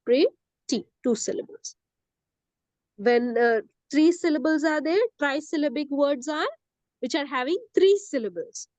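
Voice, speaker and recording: A woman with a high, darkish voice speaks a little slowly, with no echo, in a classroom lesson on English grammar. Patient and repetitive, she repeats words, often checks "okay?" to confirm understanding, and slips into Hindi.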